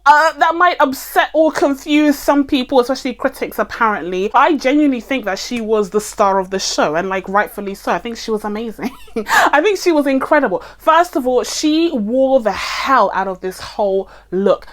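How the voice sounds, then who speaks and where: A young woman with a fairly high voice chats to camera about a film she has watched. She talks casually and emphatically, leaning on her points and often laughing mid-sentence. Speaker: movie reviewer.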